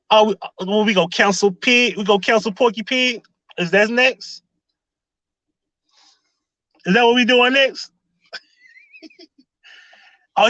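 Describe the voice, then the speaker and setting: A man's voice: sits high, pushed and bright, dry recording, rough recording. A man hosting a casual live stream, firing off sarcastic rhetorical questions and greeting viewers in the chat. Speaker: livestream commentary host.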